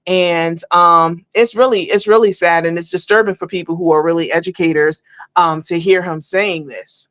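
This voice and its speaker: Her voice sits on the low side, with no echo on the recording. She's hosting a live stream, talking to her audience in a chatty, rambling way for a long stretch and addressing them as honey and baby.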